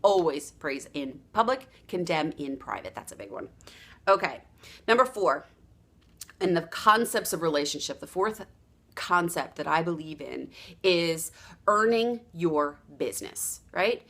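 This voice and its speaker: A woman giving a motivational sales training talk, acting out quoted dialogue with lively energy. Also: fairly low pitch, measured pace. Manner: animated, acts out quoted dialogue. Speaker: sales coach.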